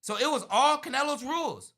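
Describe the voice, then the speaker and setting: Guy hosting a sports stream, high bright voice, lively, keeps saying bro. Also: fairly quick. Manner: animated, says "bro" and "you know what I'm saying". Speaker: sports show host. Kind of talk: casual sports talk livestream.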